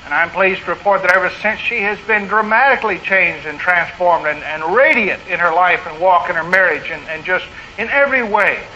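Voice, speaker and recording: A man's voice: high voice, fairly quick, hardly any pauses, bright, forceful tone. A man preaching a sermon in an earnest manner, building to emphatic repetition. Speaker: pastor. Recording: dull lo-fi recording with faint noise.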